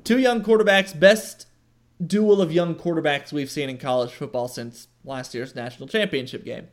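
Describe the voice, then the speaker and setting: A man of middle pitch co-hosting a casual sports podcast. He jokes around, trails off, and keeps correcting himself mid-sentence as he talks. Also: moderate pace. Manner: self-correcting, joking, hesitant. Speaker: podcast co-host.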